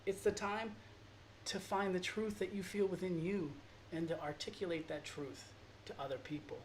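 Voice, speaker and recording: Male art teacher, slightly high voice, earnest and rambling, gets emotional; faint background noise. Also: steady tone, normal speed. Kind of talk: informal drawing lesson monologue.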